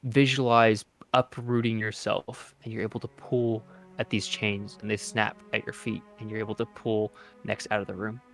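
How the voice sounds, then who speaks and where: Game master, man, low voice, laid-back halting narration, soft music under. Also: vocal fry. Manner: relaxed, halting, with frequent "uh".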